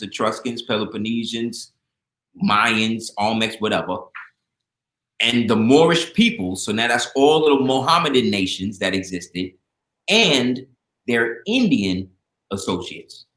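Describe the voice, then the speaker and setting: Male guest, animated storyteller, mid pitch, roomy echo. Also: unhurried. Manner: animated storyteller, acts out quoted voices. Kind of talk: casual storytelling talk.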